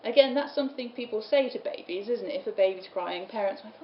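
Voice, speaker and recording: At a study day, a woman lectures on medieval poems, reading lines aloud and laughing easily now and then. She speaks quickly at a medium pitch with hardly any pauses. The lecture-room recording is roomy and dull, with faint room noise.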